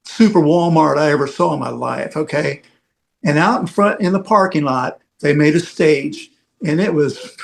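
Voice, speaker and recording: Man, slightly high voice, rambling anecdotal roadie storyteller, filler-heavy. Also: gravelly. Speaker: veteran rock roadie guest. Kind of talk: casual storytelling on a podcast.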